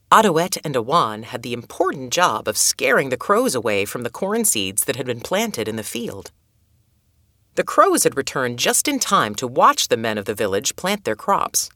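A woman with a low voice reads a children's story in a calm, measured way. Her tone still rises and falls with the tale, and the sound is close and dry. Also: no echo. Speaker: narrator. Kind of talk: storybook reading.

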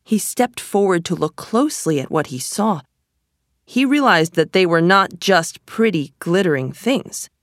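Woman narrator, storybook reading, very slow pace, dry close sound. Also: fairly low pitch, animated, no echo.

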